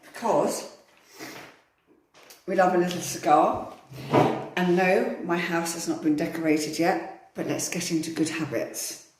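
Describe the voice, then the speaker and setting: A woman's voice: on the low side, unhurried, long pauses, darkish tone, a little hiss or hum. Playful, teasing woman, casual chat, heavy room echo. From England. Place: indoors at home.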